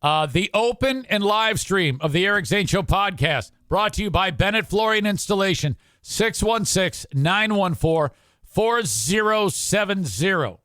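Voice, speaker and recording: In a studio-quality recording with no room sound, a man with a high-pitched, slightly bright voice hosts a podcast. He swears freely and speaks bluntly while reading comments aloud and delivering live ad reads in casual talk.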